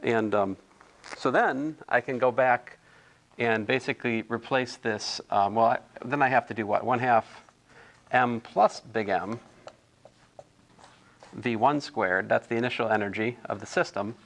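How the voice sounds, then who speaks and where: A man's voice: medium pitch, a little slow, a bit bright. A man tutoring physics homework in a casual, thinking-aloud way, correcting himself and adding chatty asides.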